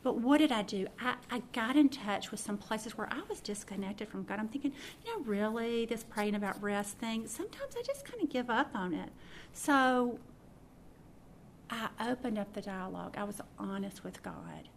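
A middle-aged woman giving an informal sermon, telling a story and acting out her own thoughts with lively swings of voice. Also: a little high, normal speed, a little hiss or hum. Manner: animated, acts out her own thoughts and laughs. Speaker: speaker teaching a prayer practice.

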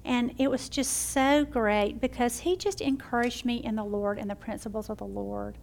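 Mom type teaching bible study, bit gravelly, slightly higher voice, swings from excited to hushed. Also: female voice, normal speed. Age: middle-aged. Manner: warm storytelling, shifts between excited and hushed. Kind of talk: devotional teaching and prayer.

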